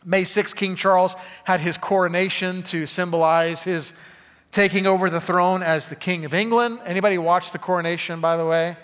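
A man's voice: high-pitched, fairly even intonation, normal speed, fairly bright tone, big-room sound. A man preaching a conversational sermon, full of "okay?" asides to the congregation. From Arkansas. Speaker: pastor.

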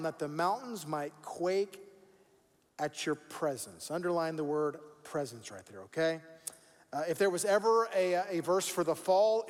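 High-voiced pastor preaching in a hall. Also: male voice. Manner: conversational, repeats words for emphasis. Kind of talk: sermon. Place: church sanctuary.

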